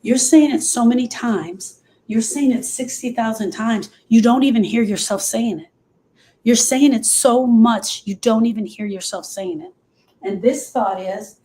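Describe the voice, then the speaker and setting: A woman's voice: fairly high pitch, normal speed, mellow, reverberant, low-quality recording. A woman grief coach teaching on a live show, emphatic and repetitive, speaking straight to her listeners.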